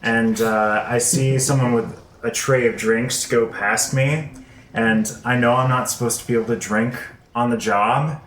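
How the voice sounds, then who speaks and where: A man's voice: mid-range voice, fairly even intonation, unhurried, fairly bright tone, reverberant, slight background noise. A man playing in a tabletop game, describing his character's actions in a laid-back, amused way. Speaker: player. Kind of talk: tabletop role-play.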